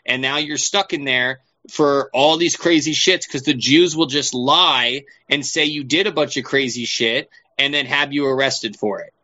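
A man's voice: mid-range voice, moderate pace, hardly any pauses, sharp tone. A man chatting casually as a podcast co-host, rambling and profane with lots of fillers, on a dull lo-fi recording. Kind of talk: casual chat.

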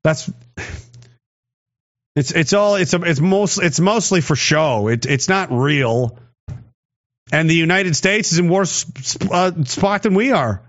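Sarcastic man, high and rambling. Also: expressive, takes it slowly, pauses often, lo-fi sound. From Canada. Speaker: streamer reading chat. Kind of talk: casual livestream commentary.

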